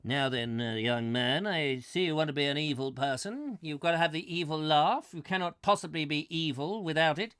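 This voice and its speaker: A man's voice: fairly high pitch, moderate pace, hardly any pauses, a bit bright, clean tone, no room sound, clean studio sound, close to an everyday voice. Man playing a pompous evil-school teacher. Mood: lecturing. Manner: theatrical, lecturing.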